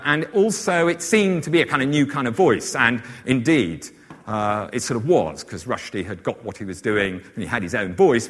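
Man, lecturer, chatty, rambling asides, mid pitch, long hall echo. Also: fairly bright tone. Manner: chatty, many fillers and asides. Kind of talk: informal literary lecture.

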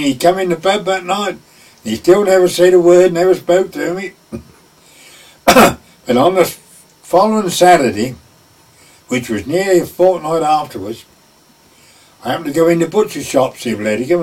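With a voice on the high side and a darkish tone, an older ex-gamekeeper recounts a folksy story, voicing its characters himself. It's oral history storytelling, picked up from a distance.

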